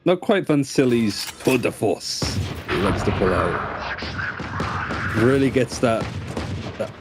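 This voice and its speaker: A man with a Yorkshire accent giving fast, chatty play-by-play commentary on an esports match. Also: medium pitch, heavy background noise. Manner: quick, animated, chatty with a co-caster. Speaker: esports caster.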